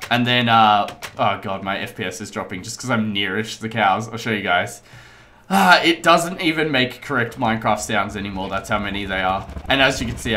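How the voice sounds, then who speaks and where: A man casually commenting on his own gameplay as host, chatty, rambling and excitable. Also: fairly low pitch, slight background noise. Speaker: let's play host.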